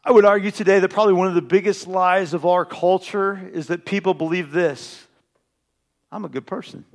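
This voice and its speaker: High-voiced preaching man, hushed to booming. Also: steady tone, a little fast. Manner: swings from hushed and intimate to loud and emphatic; repeats phrases for emphasis. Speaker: pastor. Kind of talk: sermon.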